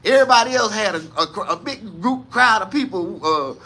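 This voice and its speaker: Animated, profane man. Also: sits high, fairly quick. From American South. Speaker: storyteller. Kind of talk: casual comedic storytelling.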